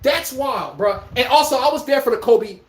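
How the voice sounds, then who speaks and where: A man's voice: very high-pitched, lively intonation, moderate pace. A man hosting his own podcast, ranting about basketball with profanity and rhetorical questions, speaking. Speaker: podcast host. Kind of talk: ranting sports commentary. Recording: echoey room.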